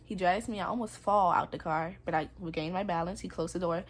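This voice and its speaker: A woman's voice: lowish voice, brisk. A young adult woman telling her own story in a personal vlog, candid and earnest, with casual slang. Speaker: vlogger.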